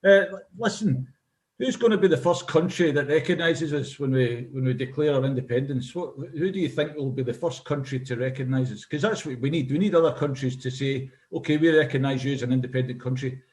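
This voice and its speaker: Give me a man with a slightly high voice hosting a talk show, asking direct questions. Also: a little fast, darkish tone. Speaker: host. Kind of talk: casual political discussion.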